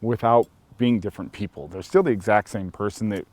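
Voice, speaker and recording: A man's voice: lowish voice, brisk, dry recording. Laid-back man rambling through a story. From Helena, Montana. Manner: relaxed, rambling, with many "you know" fillers. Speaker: storyteller sharing his coming-out experience. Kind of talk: casual personal storytelling.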